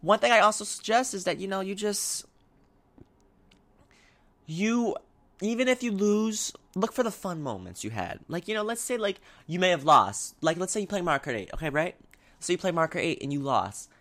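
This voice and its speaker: A young man talking casually in a vlog, giving advice in a rambling, animated way with lots of fillers and restarts. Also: high-pitched, normal speed.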